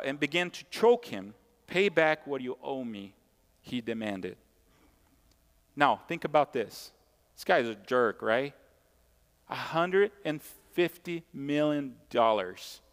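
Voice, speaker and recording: Here a man whose voice is a little high and a bit bright delivers a sermon as pastor. He's emphatic yet conversational, hammering key points through repetition and tossing remarks to the congregation, all in a long-reverb hall.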